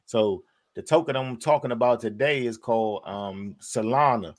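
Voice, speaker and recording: A man's voice: mid-range voice, dry recording. Laid-back man with a dry, close sound. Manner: laid-back, halting, many fillers. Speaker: podcast co-host. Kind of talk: casual chat.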